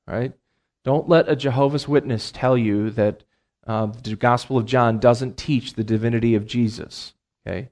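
A man's voice: medium pitch, fairly even intonation, normal speed, darkish tone. A middle-aged man teaching a Bible class in a lecture, who explains terms plainly and repeats his key phrases, with many ums and uhs.

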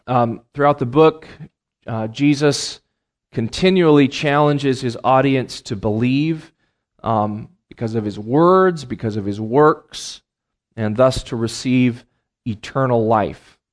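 Middle-aged male Bible teacher, mid-pitched, lecturing a class with ums and uhs and repeated key points. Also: slow. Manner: explains terms plainly, repeats key phrases, many ums and uhs.

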